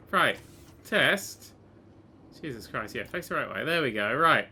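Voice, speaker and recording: Gamer guy, bright voice swinging all over, swears a lot, bit of hiss and typing behind. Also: fairly high pitch, a little fast. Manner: excitable, swears a lot, jumps from mutters to loud exclamations. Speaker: gaming YouTuber. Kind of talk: casual let's-play commentary.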